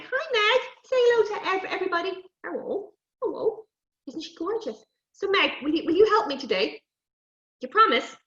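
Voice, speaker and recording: A woman presenting a lively lesson on animal safety to young children, coaxing them and talking to toy animals. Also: high-pitched. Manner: animated, coaxing, talks to puppets and kids. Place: indoors, recorded for an online event. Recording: dull, roomy live stream audio.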